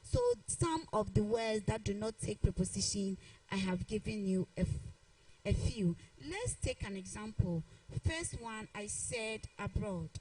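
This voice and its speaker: Woman, teacher, grammar lesson, repeats examples, unhurried, mellow tone. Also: mid-range voice, expressive, slightly rough, poor audio. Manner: deliberate, repeats each example sentence. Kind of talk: televised English grammar lesson.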